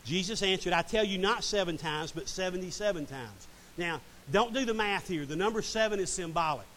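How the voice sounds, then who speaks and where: A man's voice: sits high, lively intonation, a little fast, a bit bright, low-quality recording. A middle-aged man preaching a sermon and reading scripture dramatically. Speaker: pastor. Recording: faint hiss.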